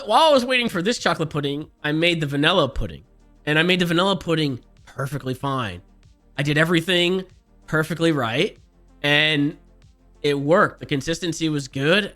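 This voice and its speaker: A man's voice: a little high, bright, forceful tone. A man streaming, telling a rambling, profane story in an exasperated, self-mocking way and laughing at himself.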